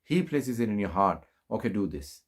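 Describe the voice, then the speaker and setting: A middle-aged man preaching, telling a religious story slowly with many fillers and rising emphasis. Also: big pitch swings, slightly rough. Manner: unhurried, many fillers, rises in pitch for emphasis. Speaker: Islamic preacher. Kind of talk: storytelling sermon.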